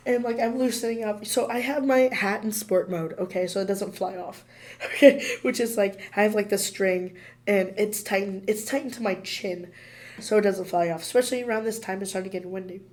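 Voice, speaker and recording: A hoarse woman co-hosting a podcast, telling a story in an excitable way, laughing often and filling her talk with "like". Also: medium pitch, fairly quick. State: hoarse from illness. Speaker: podcast co-host. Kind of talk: casual chat, animated storytelling.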